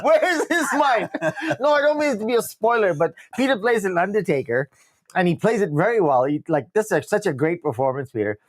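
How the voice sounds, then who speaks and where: A man's voice: sits high, animated, fairly quick. A man co-hosting a podcast in casual chat, laughing often and reading viewer comments aloud. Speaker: podcast co-host.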